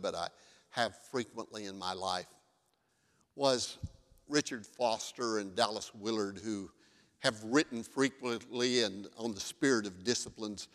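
A man's voice: lowish voice, fairly bright tone, in a large hall. A male pastor giving a sermon in a conversational, storytelling way.

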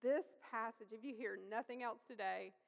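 A woman preaching a sermon, telling a personal story in a conversational, lively way. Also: fairly high pitch, moderate pace, creaky. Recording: long reverb of a large hall.

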